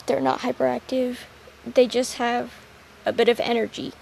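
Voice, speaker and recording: A young woman hosting a solo podcast, talking in a playful, rambling, self-mocking way that jumps suddenly between loud and quiet. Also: on the high side, flat delivery, normal speed, vocal fry, a little hiss or hum, poor audio. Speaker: podcast host.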